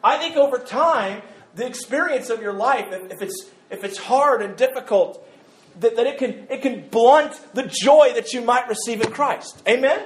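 A man's voice: extremely high pitch, normal speed, echoey room. A man preaching a sermon as pastor, conversational and joking, often repeating his words as he goes. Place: church sanctuary.

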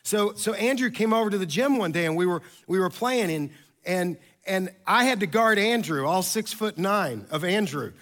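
A man preaching a sermon as pastor, telling stories in an animated, conversational way. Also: high-pitched, moderate pace.

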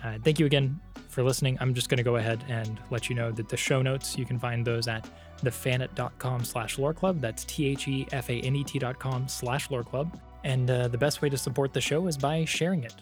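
A man hosting a podcast, talking in an easygoing, relaxed way with fillers. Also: mid-range voice, fairly quick, faint music behind. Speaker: podcast host. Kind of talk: casual chat.

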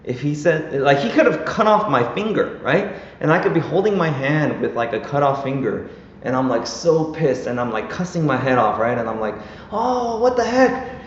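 Chatty pastor in an echoey hall. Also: male voice, medium pitch, lively intonation, moderate pace. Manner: casual, chatty, often asks "right?". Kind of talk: conversational sermon. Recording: echoey hall, dull, faint noise.

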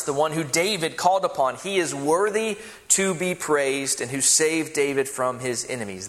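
A man's voice: on the high side, fairly bright tone. Man preaching a sermon in an echoing hall. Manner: earnest preaching with fillers and restarts. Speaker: pastor. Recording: long hall reverb.

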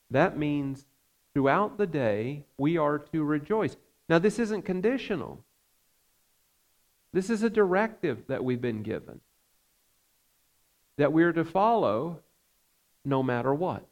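Gravelly-voiced man preaching a sermon. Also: mid-range voice, expressive, darkish tone. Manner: earnest, measured preaching with frequent fillers. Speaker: pastor.

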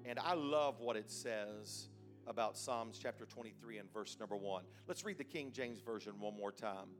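A man preaching a sermon in a church, moving from a quiet, hesitant start to loud, shouted emphasis. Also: mid-range voice, normal speed, faint music behind.

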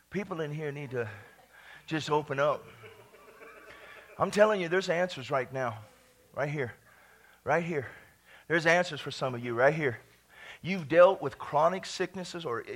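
Exuberant, bright-voiced male preacher. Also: a little high. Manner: exuberant, bursts of laughter and shouted praise. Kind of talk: charismatic sermon. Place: church sanctuary.

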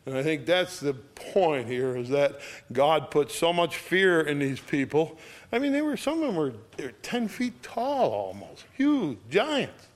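A man's voice: a little high, sing-song. Folksy man teaching from the Bible. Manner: casual, homespun speech with asides like "all right?"; reads scripture louder and quicker than his comments. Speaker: preacher. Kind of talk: folksy verse-by-verse sermon.

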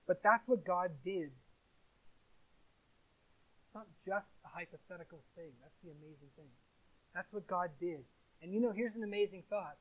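A man preaching a sermon, putting stress on his words, slowing on key phrases and putting questions to his listeners. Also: sits high. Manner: emphatic, asks the listeners rhetorical questions.

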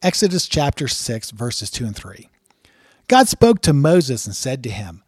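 A man's voice: mid-range voice, big pitch swings, measured pace, slightly rough, dry recording, studio quality. A man teaching from scripture in an earnest way, reading passages aloud with emphatic rises and talking through their meaning. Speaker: Bible teacher.

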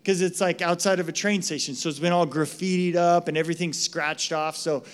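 A man's voice: fairly high pitch, steady tone, a little fast. A man from the United States preaching a sermon, telling a story with lots of "right?" asides. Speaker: pastor.

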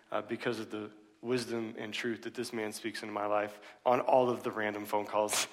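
A man preaching a sermon to his church in a relaxed, joking way, full of "uh" fillers. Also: medium pitch. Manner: casual, joking, many "uh" fillers. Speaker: pastor. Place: church sanctuary. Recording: long reverb of a large hall.

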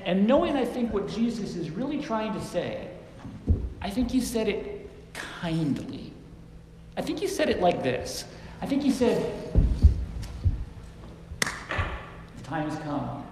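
A man's voice: high-pitched, a little mellow. A man preaching a sermon in a conversational way, acting out quoted lines in different tones. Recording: echoey hall with faint background noise.

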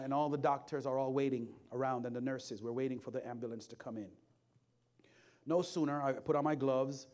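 A man preaching a sermon, telling a story from his work as a hospital chaplain, swinging from hushed to loud with repeated build-ups. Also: mid-range voice.

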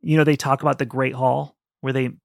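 Gravelly-voiced man, chatty podcast co-host. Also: medium pitch, brisk, no echo, clean studio sound. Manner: animated, rambling, laughs often. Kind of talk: casual book-review chat.

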